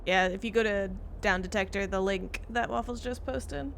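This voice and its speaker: A woman's voice: medium pitch, normal speed, gravelly, slight background noise. A woman player chatting casually before an online tabletop game session, laughing often between words. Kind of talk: casual pre-session chat.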